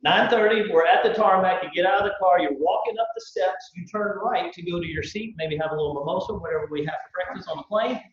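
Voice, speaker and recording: A slightly high-voiced man works a live crowd with a folksy sales pitch, throwing out rhetorical questions and playing both sides of little scenes. He is heard from a distance in a very echoey hall, and the recording is dull and lo-fi. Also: fast talker, few pauses. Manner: folksy, acts out dialogues, fires rhetorical questions. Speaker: business owner presenting to recruits. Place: large event room with live audience.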